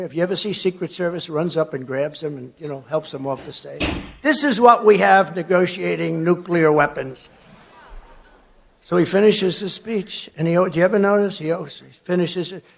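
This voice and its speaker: An older man gives a rambling rally speech to a big conference crowd. His voice sits high and carries a gravelly edge, and he keeps lurching from loud declarations to low mocking mutters. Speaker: political speaker at a conference. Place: large conference hall before an audience.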